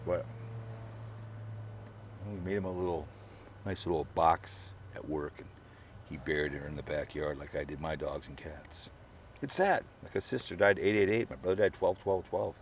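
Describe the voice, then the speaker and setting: A middle-aged man vlogging in a rambling, mocking way, his voice sitting fairly low. He drifts between offhand grudges and put-on grief, sometimes pushing up into a strained, high, fake-sobbing tone. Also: moderate pace, pauses often, slight background noise. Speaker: online video creator. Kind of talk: rambling mock eulogy vlog. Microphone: camera or phone mic, mic falls over.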